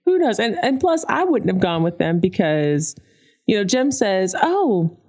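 A woman's voice: medium pitch, measured pace. A woman co-hosting a podcast, chatting casually and acting out the lines she quotes, with laughs. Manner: animated, acts out quoted characters with laughs. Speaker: podcast co-host. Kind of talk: casual chat recapping a cartoon episode.

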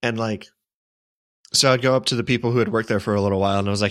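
A man's voice: lowish voice, steady tone, rapid-fire, a bit bright, no room sound, studio quality. A young man telling a rambling story in a casual chat, wry and amused. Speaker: podcast co-host.

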